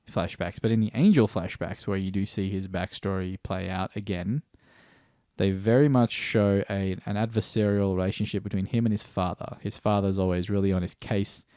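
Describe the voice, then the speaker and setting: A man's voice: lowish voice, dark tone, no room sound, studio quality. A man reviewing a TV series in a rambling, stream-of-consciousness way, swearing casually and often restarting sentences. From Australia.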